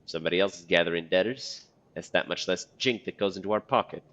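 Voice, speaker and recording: A man's voice: deep voice, fast, fairly bright tone. A man voicing a blunt, secretive male corpse collector in a game, on a dull lo-fi recording. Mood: shady.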